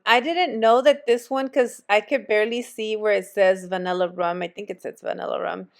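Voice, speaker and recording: A woman's voice: medium pitch, clean tone. Chatty woman on a store walk-through. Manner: chatty, friendly, addresses viewers as friends. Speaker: vlogger. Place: retail store.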